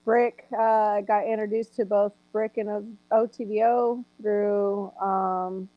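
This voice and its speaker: Slow, flat-voiced woman. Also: mid-range voice, dry recording. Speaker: guest auditor. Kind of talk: casual live-stream chat. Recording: dull lo-fi call audio with hum.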